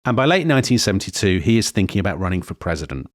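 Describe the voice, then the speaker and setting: A man co-hosting a history podcast, telling the story in a lively, digressive way with frequent self-corrections. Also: low-pitched, very fast, no room sound, studio quality. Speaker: podcast co-host.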